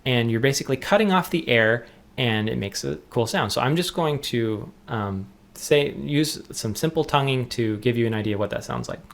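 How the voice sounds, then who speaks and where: A young adult man teaching jaw harp technique in a relaxed, explanatory way, often restarting his sentences. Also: medium pitch, moderate pace, gravelly, a little hiss or hum. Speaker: music teacher. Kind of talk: instructional tutorial.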